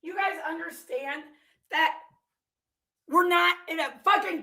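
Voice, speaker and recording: High, bright-voiced woman ranting heatedly. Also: a little slow. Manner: heated, profane, confrontational ranting. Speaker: commentary vlogger. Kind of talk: reading and reacting to viewer comments.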